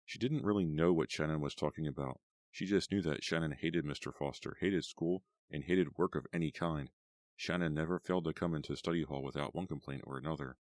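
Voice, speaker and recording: Man narrating an audiobook, extremely deep voice, dry close sound. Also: dry recording.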